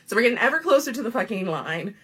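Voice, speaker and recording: This is a woman in her thirties telling a funny story from her own life. Her voice is strongly husky and breathy, and her pitch leaps up and down as she gets animated. She swears casually and laughs often. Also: fast talker. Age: 30s.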